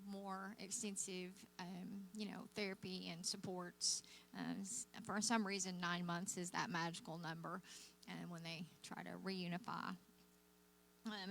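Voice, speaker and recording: A woman's voice: fairly low pitch, vocal fry, a little hiss or hum. An older woman from Oklahoma with a Southern twang, telling her personal story to a church audience in a folksy, chatty way. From Oklahoma, USA. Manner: warm folksy storytelling, frequent laughs and fillers. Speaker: guest speaker. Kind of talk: testimony talk to a church audience.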